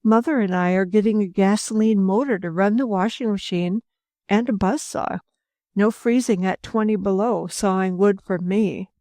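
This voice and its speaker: A woman's voice: medium pitch, moderate pace, mellow, no room sound, studio quality, close to an everyday voice. A woman voicing an easygoing young male settler who drawls.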